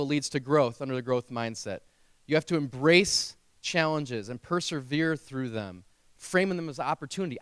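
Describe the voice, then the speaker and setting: A man's voice: a little high, no echo. Earnest man giving a motivational keynote. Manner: earnest storytelling, emotional, emphatic. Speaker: keynote speaker, speech teacher.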